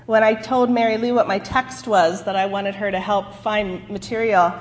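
A woman pastor preaching a sermon, telling a story in an earnest, measured way. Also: mid-range voice, steady tone, in a large hall.

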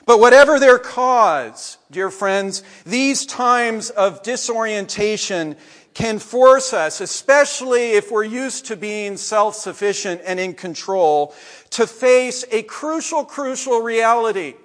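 A man preaching a sermon in a church, his voice sitting high and his pace unhurried. He lets the ends of phrases drop away quietly. The sanctuary leaves a long reverb trailing behind each word. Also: lively intonation. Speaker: pastor.

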